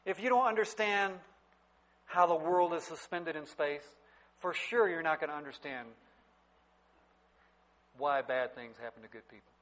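A middle-aged man preaching a sermon, telling stories and swinging from loud to quiet. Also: on the high side, normal speed, long pauses, rough recording. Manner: storytelling preacher, wide swings in loudness. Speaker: pastor.

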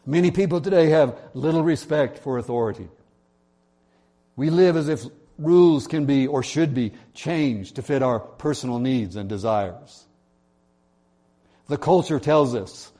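A man's voice: mid-range voice, lively intonation, a little slow, mellow. A male pastor preaching a sermon, telling an illustrative story in an earnest way.

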